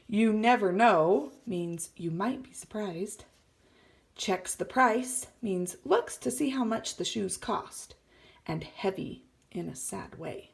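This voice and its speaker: A woman's voice: mid-range voice, gravelly. A woman teacher reading a story aloud to children, explaining words and often dropping to a whisper. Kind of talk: read-aloud lesson for children.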